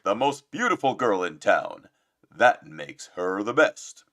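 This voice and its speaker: A man putting on the voice of a vain, boastful young hunter, loud and swaggering. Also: on the low side, sing-song, slow pace, heavily acted.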